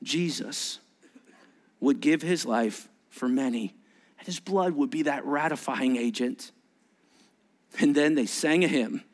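A male pastor preaching a sermon in a conversational, animated way, acting out quoted voices and asking the listeners questions. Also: medium pitch, slow pace, long pauses. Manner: animated, acts out quoted voices with sudden rises; conversational, asks the congregation questions.

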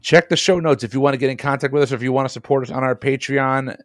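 A man hosting a movie podcast, briskly moving things along and signing off. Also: mid-range voice, steady tone, dry recording, clean studio sound. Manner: brisk, wraps up the show. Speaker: podcast host.

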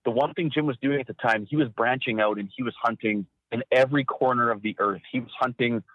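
A man recounting hunting stories as an interview guest, animated and acting out quotes in a raised voice. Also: medium pitch, quick pace, dry recording. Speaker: guest, former hunting cameraman. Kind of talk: storytelling interview. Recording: dry, phone-like narrow sound.

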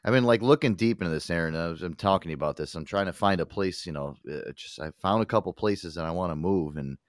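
A man with a lowish voice hosts a podcast, chatting in a loose, rambling way. He swears freely and fills gaps with likes and ums, recorded dry and close. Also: fast talker, dry recording. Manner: rambling, profane, many fillers. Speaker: podcast host. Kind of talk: casual chat.

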